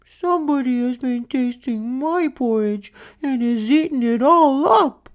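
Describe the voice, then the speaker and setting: A man voicing a small boy bear cub with a sharp, shrill, wailing voice in a storybook read-aloud. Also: measured pace. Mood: upset wailing. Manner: wailing, upset.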